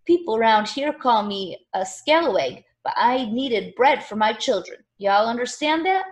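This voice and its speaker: A woman voicing a soft-spoken former slave owner with a Southern accent. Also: extremely high pitch, expressive, normal speed. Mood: pleading. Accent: Southern American.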